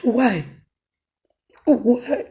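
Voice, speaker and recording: A woman's voice: a little high, animated, very slow, warm tone. A Nigerian comedian, a woman, giving a tearful, pleading video statement, switching between Yoruba and English. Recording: dull lo-fi audio.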